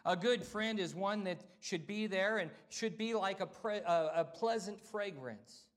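A middle-aged pastor preaches a sermon conversationally, repeating himself and calling out "amen" to the congregation. His voice is high and his pace measured.

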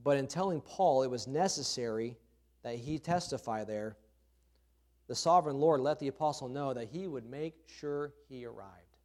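A man's voice: mid-range voice, normal speed, darkish tone. A man preaching a sermon from the pulpit in a conversational way, repeating his key phrases. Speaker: pastor. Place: church.

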